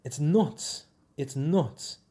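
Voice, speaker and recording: A young man with a Dublin Irish accent hosting a casual solo podcast, rambling and joking, his pitch and loudness swinging up and down. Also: very slow. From Ireland. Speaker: podcast host.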